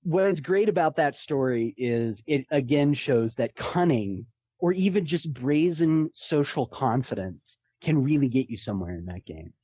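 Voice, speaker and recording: A man telling a tabletop gaming story in a casual, animated way, often laughing. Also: mid-range voice, normal speed, husky, no echo. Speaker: podcast guest; game master telling a story. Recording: tinny phone-like line.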